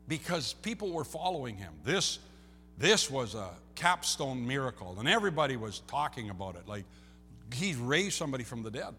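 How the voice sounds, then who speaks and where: A man preaching a sermon as a pastor, swinging between loud and soft and repeating key phrases. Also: mid-range voice, in a large hall. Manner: lively preaching, rising and dropping in loudness, repeats phrases.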